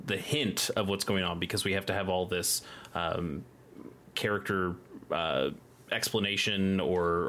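A man's voice: deep voice, bright, forceful tone, a little hiss or hum. A man co-hosting a podcast, talking casually with lots of restarts and filler words. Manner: rambling, many restarts and fillers. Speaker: podcast co-host. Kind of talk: casual chat.

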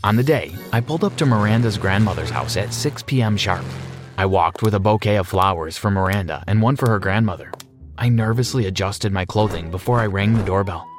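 A man narrating a scripted story in a steady, measured reading voice. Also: fairly low pitch. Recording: music behind.

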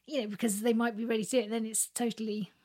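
A woman's voice: fairly high pitch, flat delivery, very fast, darkish tone. A woman songwriter in casual chat, hesitant, with many fillers and restarts.

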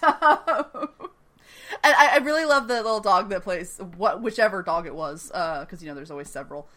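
A woman talks through a TV episode in a loose, chatty way, laughing often and swearing freely. Her voice is bright and forward, and her pitch sits in a middle range. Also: animated, moderate pace. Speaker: podcast host recapping a TV episode. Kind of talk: casual chat.

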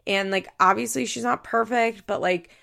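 A woman's voice: on the high side, fairly even intonation, moderate pace, vocal fry, sharp tone. A young woman hosting a podcast, chatting casually through a recap, with lots of "like" and acted-out quotes. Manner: chatty, uses "like" a lot, acts out quotes. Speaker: podcast host.

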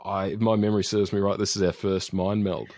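A man's voice: low voice, little pitch movement, brisk, a little mellow, no room sound, studio quality. A man casually recapping a TV episode as a podcast host, rambling with fillers and restarts. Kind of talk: casual chat.

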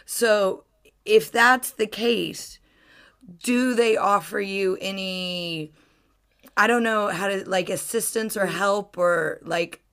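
A woman's voice: medium pitch, fairly even intonation, slow pace, fairly bright tone, clear, resonant tone. A woman hosting a podcast, chatting casually in a rambling way full of fillers. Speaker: podcast host.

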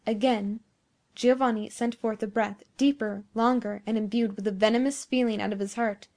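A woman narrating a nineteenth-century story in a measured storytelling manner. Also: fairly high pitch, fairly even intonation, warm tone. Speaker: audiobook narrator. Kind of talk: scripted narration.

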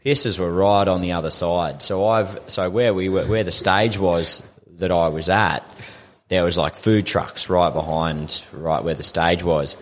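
Deep-voiced Australian man, laid-back and swearing. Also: fairly even intonation, measured pace, in a large hall, a little hiss or hum. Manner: laid-back, swears often, laughs through stories. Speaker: podcast guest. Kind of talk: casual storytelling chat.

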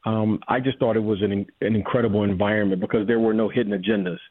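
Low, even man on a phone line. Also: fast, dry recording. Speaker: former basketball player. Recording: dry phone-line audio.

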